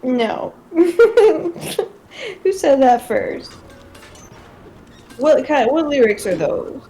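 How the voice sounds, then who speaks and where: Female co-host, high pitch, slow relaxed delivery, playful teasing banter. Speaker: co-host on a game stream. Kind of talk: casual chat.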